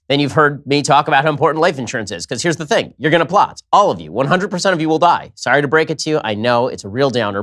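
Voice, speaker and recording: A male host running an interview and reading an ad in a brisk, rapid-fire way. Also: medium pitch, fairly bright tone. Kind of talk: interview hosting and read ad.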